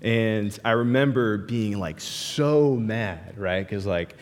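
A man's voice: lowish voice, slow. A young man preaching a sermon, talking casually and animatedly, with lots of "like" and "right" as he tells stories. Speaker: pastor. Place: large hall with a live audience. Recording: hall reverb.

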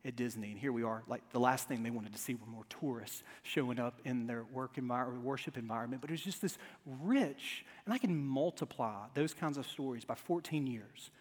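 A male pastor preaching a sermon to his congregation, telling stories with humor and swinging from quiet asides to loud emphasis. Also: mid-range voice, a little fast, few pauses. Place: church sanctuary before a congregation. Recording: long reverb of a large church hall.

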